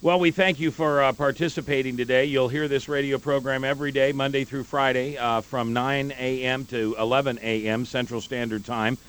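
A man hosting a political talk radio show, emphatic and climbing in pitch when heated. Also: steady tone, moderate pace, few pauses, fairly bright tone, smooth.

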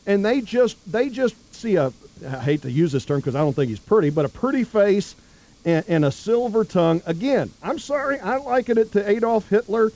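A man, a guest on a political talk radio show, rambling with many restarts and trailing off low. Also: lively intonation, moderate pace, dark tone.

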